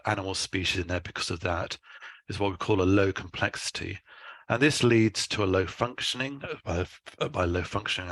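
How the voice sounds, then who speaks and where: A scientist delivering a conference lecture in a measured, explanatory way, with the occasional dry aside. His voice sits a little low and has a husky edge. It carries a forceful, bright tone. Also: no echo. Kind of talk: conference talk.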